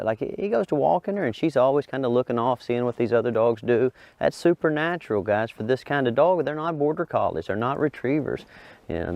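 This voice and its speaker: A middle-aged man, a dog trainer, explains to viewers and coaxes a big dog over an agility course with high, excited praise. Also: dry recording. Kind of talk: instructional talk while coaching a dog.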